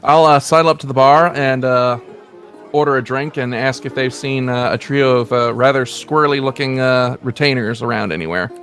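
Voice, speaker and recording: A hesitant man playing a tabletop game, with a mid-pitched voice and frequent stammers. Faint music plays behind him. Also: normal speed, fairly bright tone. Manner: hesitant, many fillers. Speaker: player.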